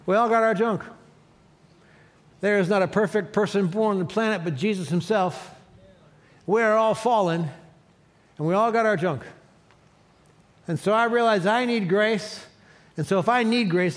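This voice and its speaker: A man preaching a sermon as pastor, leading his congregation in call-and-response. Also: high-pitched. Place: church sanctuary.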